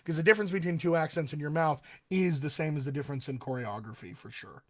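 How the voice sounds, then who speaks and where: A man's voice: fairly high pitch, fast. A man coaching actors on accents in a casual solo live stream, chatty with many fillers and restarts. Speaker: dialect coach.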